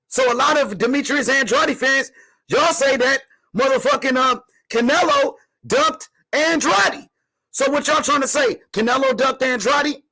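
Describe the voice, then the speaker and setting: A man with a strikingly high voice hosts a casual boxing commentary livestream. He rants heatedly and profanely, often shouting his questions, and stops to read viewer comments aloud.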